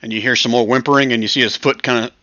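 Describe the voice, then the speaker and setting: A man narrating as game master of a tabletop game over voice chat, relaxed and rambling. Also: mid-range voice, racing, no echo. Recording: dull lo-fi voice chat.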